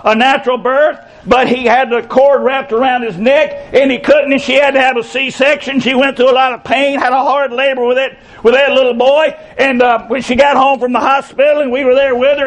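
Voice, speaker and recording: High-voiced folksy preacher. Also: male voice, flat delivery, rough recording. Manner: folksy storytelling preacher, drawn-out emphatic phrases, bursts of shouting. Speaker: pastor. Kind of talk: sermon.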